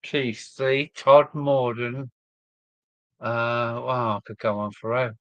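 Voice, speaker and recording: A man's voice: medium pitch, fairly even intonation, slow pace, dry recording. An older man with a southern English accent, chatting casually and rambling on a model railway live stream, chuckling as he reads viewer comments aloud from his loft. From southern England. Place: home loft.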